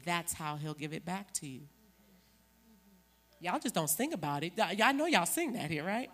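A woman's voice: on the low side, big pitch swings, moderate pace, fairly bright tone. A woman giving an emphatic, preachy church testimony as a guest.

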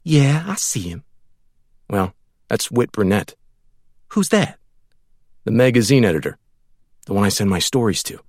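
A man's voice: on the low side, very animated, unhurried, long pauses, no echo, clean studio sound, heavily acted. A man voicing a clingy, doting woman who coos and pleads, in an audiobook reading. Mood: pleading. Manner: cooing, pleading, baby talk.

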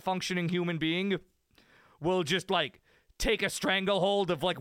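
A man's voice: high-pitched, fairly bright tone, smooth, dry recording, clean studio sound. A man co-hosting a sports podcast, ranting in a rambling, self-mocking way. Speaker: podcast co-host. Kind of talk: casual sports talk.

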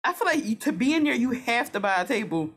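A young woman co-hosts a casual gossip chat with a fairly high voice. Her pitch swings widely, and she teases and jokes in slangy, playful talk. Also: sing-song, fast talker, breathy edge. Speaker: podcast co-host.

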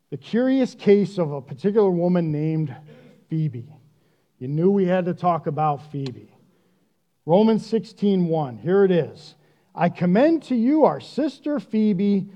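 A man preaching a sermon in a conversational, self-deprecating and animated way. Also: high voice, a little slow, muffled recording. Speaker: pastor.

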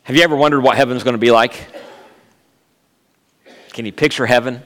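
A man's voice: mid-range voice, fairly even intonation, a little fast, fairly bright tone. A man in his fifties preaching a sermon as a guest speaker, telling funny stories and bantering with the congregation. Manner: humorous, storytelling, jokes with the congregation. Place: church sanctuary. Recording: long church reverb.

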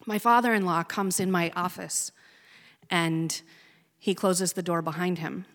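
A woman's voice: lowish voice, fairly even intonation, unhurried, fairly bright tone. Woman telling a raw personal story. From Oregon, USA. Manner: earnest, plainspoken, emotionally raw. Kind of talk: personal story told on stage. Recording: long hall reverb.

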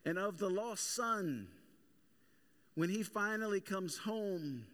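A pastor in his thirties preaches a sermon that mixes humorous everyday stories with emphatic preaching, moving from conversational storytelling to forceful delivery. His high voice is expressive and fairly bright, and his pace is slow.

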